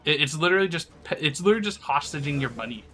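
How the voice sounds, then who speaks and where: A man's voice: fairly high pitch, expressive, racing, fairly bright tone, faint music behind. A sick man streaming live, rambling crudely in casual chat and laughing often.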